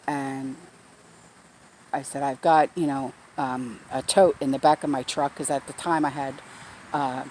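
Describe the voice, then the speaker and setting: A woman's voice: low voice, a little mellow, a little hiss or hum. A woman vlogger telling a story in a casual, blunt way, swearing freely, recorded outdoors in her backyard garden.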